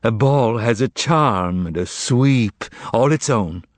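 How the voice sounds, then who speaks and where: A man's voice: medium pitch, animated, slow, no room sound, voice pushed up. A man voicing a boastful, cheeky giant male cat in an audiobook. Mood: cocky. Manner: cocky, teasing, then meek. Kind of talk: audiobook character voice.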